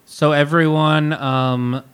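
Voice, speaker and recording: Smooth-voiced playful podcast co-host. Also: male voice, a little high, fairly even intonation, slow, a bit bright. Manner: playful, mock-formal announcing. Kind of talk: casual comedic chat.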